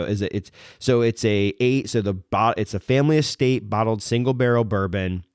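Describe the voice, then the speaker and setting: A man hosting a podcast, telling a story casually, rambling with lots of "like" and "um" and restarting his sentences with excitement. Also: medium pitch, clear, resonant tone, no room sound, studio quality. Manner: rambling, heavy use of fillers like "like" and "um"; excited, retelling events with restarts. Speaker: podcast host.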